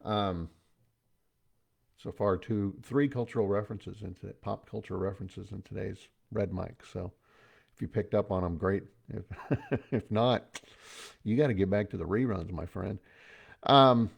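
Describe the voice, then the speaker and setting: A man's voice: lowish voice, unhurried, creaky, husky. A middle-aged man giving a casual motivational talk as host, chatty and folksy, with pop-culture asides.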